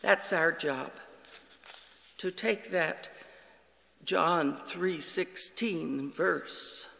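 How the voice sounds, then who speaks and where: Male pastor, sermon delivery, bright slow voice with long reverb. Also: fairly high pitch, vocal fry, slight background noise. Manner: slow, earnest preaching with quoted dialogue.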